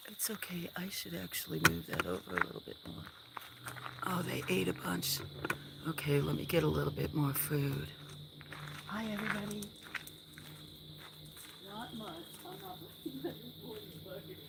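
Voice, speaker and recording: A woman on a casual farm livestream, chatting with viewers and talking softly to her animals. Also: fairly low pitch, very animated, normal speed, creaky, pauses often. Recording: outdoor noise with chirping crickets. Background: crickets and insects.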